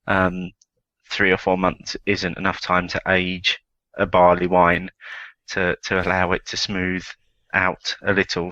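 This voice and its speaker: A low-voiced man with a bright, forceful edge weighs his words, stumbling over repeats as he thinks aloud. The sound is dry and a bit dull. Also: dry recording. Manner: hesitant, repeats words, thoughtful. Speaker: podcast co-host. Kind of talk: casual chat.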